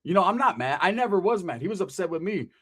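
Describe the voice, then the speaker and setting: A man with a notably high-pitched voice tells a story in rough street slang. He is animated and swears constantly, and he chuckles at his own jokes as he goes. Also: fast. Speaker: storyteller, ex-convict. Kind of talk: casual profane storytelling.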